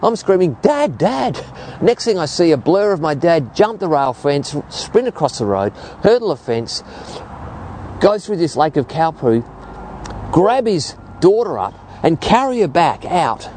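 Slightly slow and with some background noise, an Australian man in his fifties delivers a sermon built around stories. He's a lively storytelling preacher whose pitch climbs and falls.

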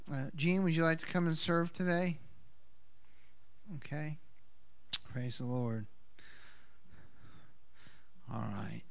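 A man leading a congregation's communion service, speaking in an unhurried, halting way with fillers. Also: on the high side, vocal fry. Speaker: congregation leader. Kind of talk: communion service talk with Hebrew blessings.

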